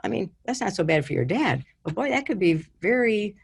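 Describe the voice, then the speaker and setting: A woman's voice: mid-range voice, big pitch swings, fairly quick, vocal fry, breathy edge. A woman coach giving a motivational talk, conversational and full of asides. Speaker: wellness coach and speaker.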